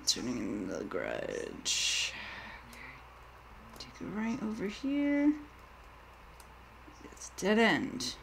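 A woman's voice: mid-range voice, wildly swooping pitch, very slow, gravelly, pauses often, background noise. A woman streaming a game, talking to her chat in a rambling, jittery way that keeps tipping into panic. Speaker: gaming streamer. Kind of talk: live gameplay commentary.

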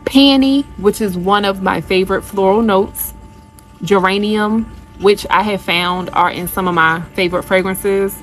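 A woman's voice: mid-range voice, a little slow, faint music behind, rough recording. A woman vlogger chatting casually to her viewers in a product review, gushing and calling them y'all.

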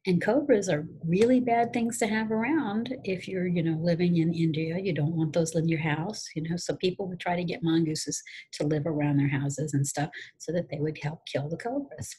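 A middle-aged woman, a teacher, telling a casual, animated story to her students in a chatty way. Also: on the low side, normal speed, hardly any pauses, slight background noise, low-quality recording. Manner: animated, chatty, repeats phrases, acts out shouted quotes.

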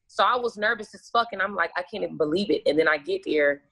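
A woman's voice: fairly low pitch, lively intonation, fast talker, gravelly, a bit bright. A woman guest telling stories in casual, profane chat, acting out her own past lines and laughing often.

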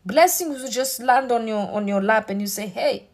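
A woman's voice: on the high side, moderate pace. A woman preacher delivering a sermon with emphatic, repetitive exhortation.

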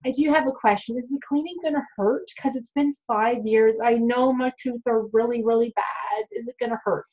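A woman's voice: fairly high pitch, fairly even intonation, moderate pace, few pauses, darkish tone, muffled recording, lightly acted. A woman voicing a nervous adult dental patient, asking anxious questions. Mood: worried.

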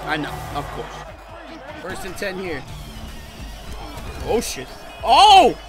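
A man doing excited gameplay commentary for his channel, swinging between muttered play-by-play and outbursts of shouting and cursing. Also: high voice, very slow. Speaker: gaming channel host. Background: game music.

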